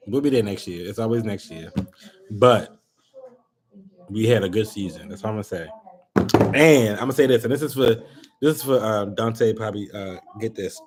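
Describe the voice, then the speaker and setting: Man ranting on a live stream. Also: mid-range voice. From Baltimore, USA. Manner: animated, exasperated ranting to viewers. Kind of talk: casual live-stream chat.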